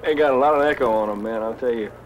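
A man, a singer, answering interview questions in a relaxed, folksy way. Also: medium pitch, rapid-fire, muffled recording, background noise. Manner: relaxed, folksy, with fillers and laughs.

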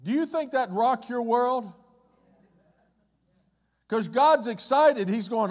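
Pastor, male, high voice, animated conversational sermon, long hall reverb. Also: takes it slowly, long pauses. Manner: conversational preaching, swinging from loud excitement to hushed low tones.

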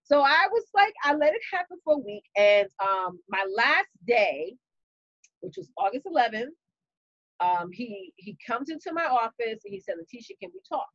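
A woman with a New York accent, hosting a casual live stream and telling a story to her viewers in a lively, chatty way, calling them y'all. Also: on the high side, moderate pace, dry recording, lo-fi sound. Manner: animated, chatty, talks straight to viewers with y'all and you know. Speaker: business coach and live-stream host.

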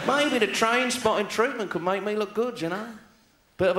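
A man's voice: high voice, very noisy. A man with a southern English accent doing a live stand-up routine, ranting in a sardonic way. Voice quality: ranting, sardonic and fast-talking. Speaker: stand-up comedian. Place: large theater stage. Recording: echoey theater hall.

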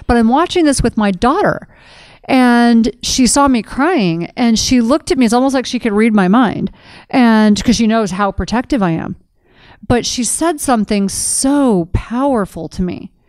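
Woman, middle-aged, smooth, dry close sound, animated storyteller, podcast co-host. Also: on the high side, moderate pace, no room sound. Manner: animated storytelling, acting out quoted dialogue. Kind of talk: casual conversation.

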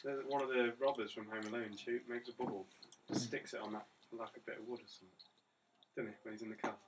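A man's voice: medium pitch, level tone, quick pace, background noise. A man teasing his friends and chuckling. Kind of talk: casual banter.

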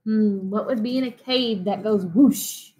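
A woman teacher reads a picture book aloud to children with lots of expression, stopping now and then to ask them questions. Her pitch is medium, and the recording is rough.

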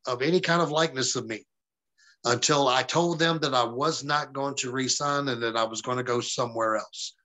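A man in an interview tells stories bluntly and swears freely, slipping into the voices of people he quotes. His voice is bright and forceful at a middle pitch. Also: a little fast, poor audio. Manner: profane, blunt, quotes others in dialogue. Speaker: interview guest, former pro wrestler. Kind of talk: casual storytelling interview.

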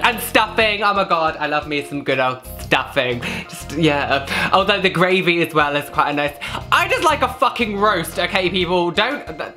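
A young man with a British accent chats through tag questions in a casual vlog, giggling and swearing bluntly. His pitch swings widely and his tone is bright and sharp. Faint music plays softly behind him. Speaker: vlogger.

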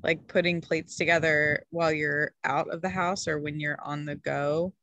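A woman's voice: low-pitched, steady tone, moderate pace, fairly bright tone, dry recording, dull audio. Woman food coach, rambling and chatty, slightly breathless on a dry video-call mic. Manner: chatty, rambling, lots of fillers. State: yawning, short of breath. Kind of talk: casual group video call.

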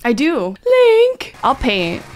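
A young woman chatting and giggling excitedly while playing an online game with friends. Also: high-pitched, normal speed, a little hiss or hum. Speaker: gaming video creator. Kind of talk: casual gameplay chatter with friends.

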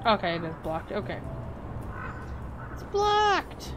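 A woman's voice: medium pitch, huge pitch swings, takes it slowly, noisy background. A young woman streamer chatting playfully to herself while playing a game. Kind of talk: casual game-stream commentary.

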